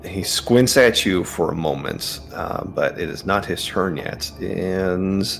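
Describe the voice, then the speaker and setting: A man narrating a tabletop game as game master, relaxed and hesitant, with many fillers. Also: deep voice, slow pace, gravelly, music in the background.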